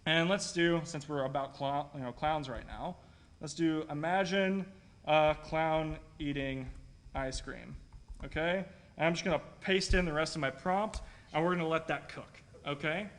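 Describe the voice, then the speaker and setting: Guy demoing tools at a meetup, chatty, keeps saying right?, slightly high voice. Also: a little slow, fairly bright tone. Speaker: presenter at a video editors' meetup. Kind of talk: casual live tech demo. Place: meeting room at a live user-group meet.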